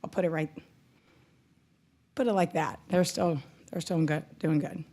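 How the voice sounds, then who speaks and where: A woman's voice: deep voice, fairly even intonation, measured pace, mellow. A woman, a county treasurer, methodically walking commissioners through a financial report with small self-corrections. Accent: Texan. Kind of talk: presenting a financial report at a public meeting.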